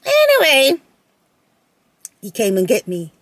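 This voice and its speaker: A woman telling a personal story to her viewers in a casual, animated way, often repeating phrases and laughing. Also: high-pitched, slow pace, no room sound. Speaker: vlogger.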